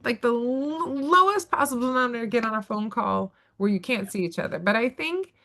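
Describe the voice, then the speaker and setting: A woman's voice: on the high side, animated, brisk, pushed and bright. Emphatic woman on a webinar. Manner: emphatic, acts out quoted voices. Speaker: webinar panelist. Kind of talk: animated webinar talk. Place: video call.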